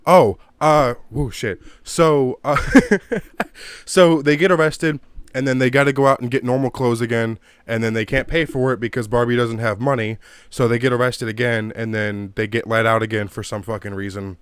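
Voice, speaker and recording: Guy ranting about a movie at home, swears nonstop, smooth clear voice, no room echo. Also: mid-range voice, fairly even intonation, normal speed, clean studio sound. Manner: profane, rambling, gets worked up. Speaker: video creator reviewing a movie. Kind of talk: casual ranting commentary. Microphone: own desk mic.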